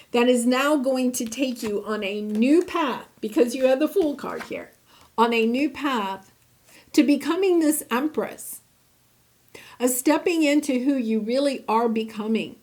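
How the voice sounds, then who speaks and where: Enthusiastic woman tarot reader, higher voice, chatty and upbeat. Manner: warm, enthusiastic, chatty with laughs. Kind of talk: casual tarot reading.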